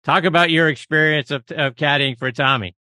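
Bright-voiced male podcast host. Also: a little high, fairly even intonation, brisk, no echo, studio quality. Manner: friendly questioner, laughs often. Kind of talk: podcast interview.

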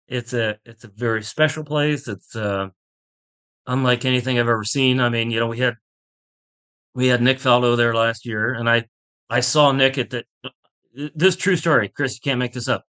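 A man's voice: mid-range voice, steady tone, normal speed, a bit bright. Enthusiastic rambling man from Pittsburgh. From Pittsburgh, USA. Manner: enthusiastic, rambling storyteller who laughs often. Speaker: golf instructor, podcast guest. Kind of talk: casual interview chat.

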